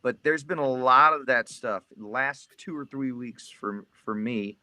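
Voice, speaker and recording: A man's voice: medium pitch, normal speed, bright, forceful tone, dry recording. A man in his forties with a Texas accent, talking candidly and joking in a casual group chat. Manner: candid, joking, restarts often.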